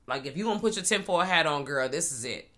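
Lively low-voiced woman, bright tone. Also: quick pace. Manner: animated, laughs a lot, slangy. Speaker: podcast co-host. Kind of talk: casual chat reviewing a series.

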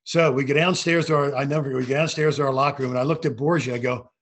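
An older man, a retired basketball referee, telling animated stories from his career in an interview. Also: mid-range voice, fast. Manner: animated anecdotal storytelling with frequent restarts. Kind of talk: storytelling interview.

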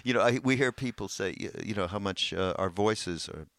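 A man's voice: fairly low pitch, a little fast, a bit bright, dry recording. A man co-hosting a podcast, talking loosely and chattily with plenty of fillers. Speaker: podcast co-host. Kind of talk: casual podcast chat.

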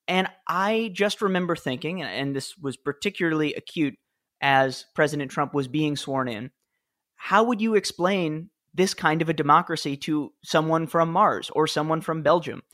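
Speaking at normal speed in a fairly high, slightly bright voice, a man shares stories in a relaxed interview. He's an author who once wrote speeches for a president, and he talks earnestly, frequently starting his sentences over.

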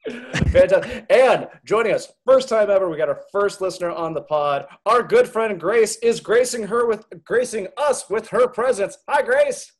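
A man hosting a sports podcast in excited, loud casual chat, laughing often. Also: high voice, moderate pace. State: voice strained from shouting. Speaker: podcast host.

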